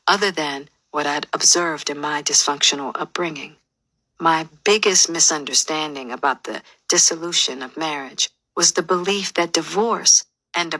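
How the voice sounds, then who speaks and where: A woman's voice: lowish voice, sharp tone, dry recording. A woman narrating her own memoir as an audiobook, telling her story in a candid, emotionally open way.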